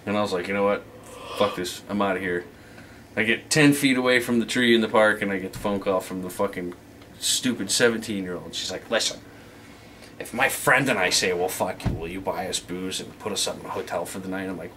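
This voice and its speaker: A man's voice: low voice, brisk, fairly bright tone, slight background noise. A man in his thirties telling a crude, profane anecdote in casual chat, acting out the dialogue as he goes. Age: 30s. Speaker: storyteller.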